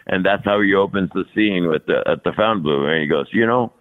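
A man's voice: low voice, quick pace. A man in his sixties, a guest actor, telling stories in a rambling, casual way with many restarts and chuckles. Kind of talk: casual storytelling. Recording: lo-fi, phone-like sound.

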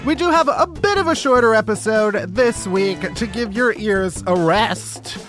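A podcast host from the Chicago area rants sarcastically in a studio, swearing often and staying animated throughout his comedy show. His voice sits high and unhurried, with faint music in the background.

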